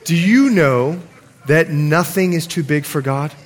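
A male pastor preaching a sermon in a church, animated and playful with his audience. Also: fairly high pitch, unhurried, slight background noise. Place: church sanctuary. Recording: long hall reverb, congregation audible. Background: congregation.

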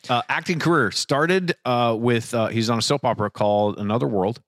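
A man's voice: mid-range voice, brisk, no room sound, clean studio sound. A man co-hosting a podcast in casual chat, joking and laughing often. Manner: laughs often, jokey banter. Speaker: podcast co-host.

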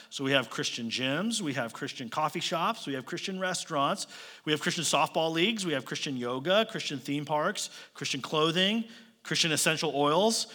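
Bright-voiced male pastor preaching in a hall. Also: fairly high pitch. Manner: conversational, asks listeners pointed rhetorical questions; light joking asides. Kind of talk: sermon. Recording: long reverb of a large hall.

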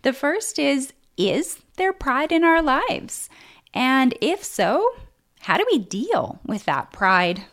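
A woman's voice: sits high, big pitch swings, takes it slowly, a bit bright. A middle-aged woman co-hosting a podcast in a casual, upbeat way, laughing often. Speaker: podcast co-host. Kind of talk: casual faith-based marriage chat.

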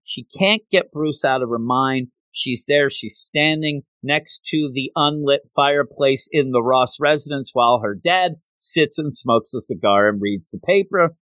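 A man's voice: mid-range voice, a bit bright, no echo. Casting note: man recapping a comic, chatty and rambling, dry close mic. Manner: chatty, digressive. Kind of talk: casual retelling of a comic.

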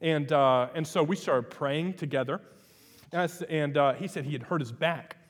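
A male pastor telling a personal story in a sermon, chatting at times and building to loud, emphatic preaching. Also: fairly high pitch, normal speed. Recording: long hall reverb.

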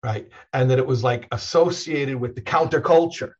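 A male rabbi in relaxed conversation, wandering through anecdotes with frequent restarts and chuckles. His voice is a bit husky, mid-pitched, and the recording sounds somewhat dull and lo-fi. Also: moderate pace. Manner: rambling storyteller with many restarts and laughs. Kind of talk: casual conversation.

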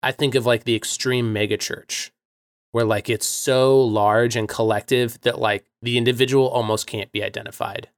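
A man with a middle-pitched voice asks relaxed, curious questions in a casual chat. He thinks aloud as he goes and keeps the exchange informal. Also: moderate pace. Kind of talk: casual conversation.

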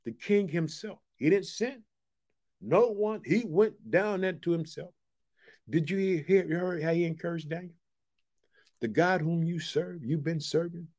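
Man, preacher, high voice, emphatic asides, sermon with scripture reading. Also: measured pace, darkish tone. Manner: emphatic, call-and-response asides.

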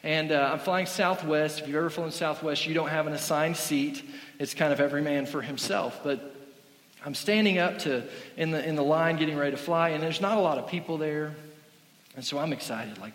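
Animated pastor telling stories in echoey hall. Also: male voice, fairly high pitch, moderate pace. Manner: animated, self-deprecating storyteller. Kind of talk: sermon with comic storytelling.

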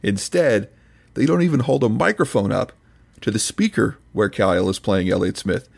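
A man with a low, gravelly voice delivers scripted podcast commentary. His tone is dry and mock-serious, picking at small details with pedantic relish. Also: moderate pace. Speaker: podcast host reviewing another podcast.

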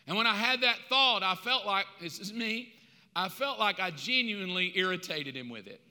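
A man preaching a sermon as pastor, impassioned, swinging between loud preaching and quiet asides. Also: high voice, expressive, moderate pace. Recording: long hall reverb.

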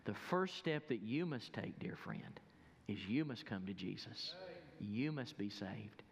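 A man preaching a sermon as a pastor, emphatic and urging, dropping to a hush for prayer. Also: lowish voice, lively intonation, measured pace, long reverb tail, slight background noise. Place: church sanctuary.

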